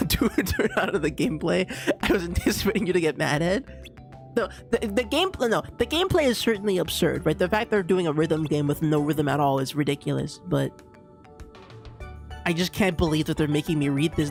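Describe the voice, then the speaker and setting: A streamer with a Bermudian accent giving casual gameplay commentary, ranting in exasperation and laughing often. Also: mid-range voice.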